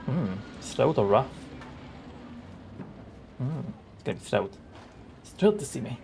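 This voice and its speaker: Gravelly-voiced gaming streamer. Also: male voice, mid-range voice, sing-song, normal speed, mellow, a little hiss or hum. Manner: chatty, upbeat, reads game text aloud. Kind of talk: casual gaming commentary. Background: game music.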